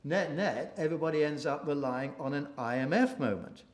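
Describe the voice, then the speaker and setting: A man speaking at a policy briefing event, halting often with restarts and fillers, mocking opposing views. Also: fairly high pitch, animated. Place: event room. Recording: echoey room.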